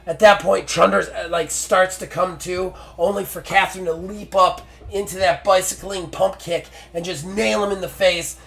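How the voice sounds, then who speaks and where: A man narrating a solo wrestling tabletop game on stream with excited play-by-play and lots of fillers. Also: high-pitched, moderate pace, gravelly, few pauses.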